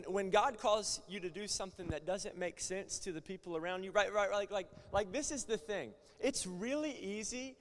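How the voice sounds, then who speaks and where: A man preaching at a conference, animated, swinging from loud to hushed. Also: sits high. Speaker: conference speaker. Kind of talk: sermon. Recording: long hall reverb.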